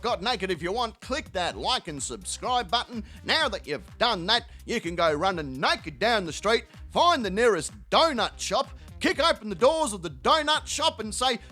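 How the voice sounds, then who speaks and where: Animated, bright-voiced sweary male host. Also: sits high, moderate pace, few pauses, soft background music. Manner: animated, profane, rambling storytelling. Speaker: channel host. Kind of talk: comedic video outro.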